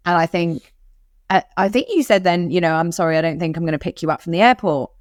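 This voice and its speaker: A podcast co-host in her thirties with an Australian accent tells a personal story in candid, animated chat, acting out other people's voices. Her voice is on the low side and quick-paced, recorded with clean studio sound and no room sound.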